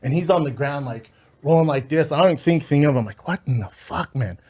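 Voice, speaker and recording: A man hosting a podcast, retelling a story in an emotional, profane, animated way with acted quotes. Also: a little high, fast talker, husky. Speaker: podcast host.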